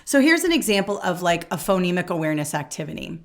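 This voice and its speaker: A woman with a somewhat low voice explains exam questions step by step. She sounds like a coaching tutor, often stopping to check in with "okay?" as she rules out answers. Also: very animated, fast talker. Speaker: test prep instructor.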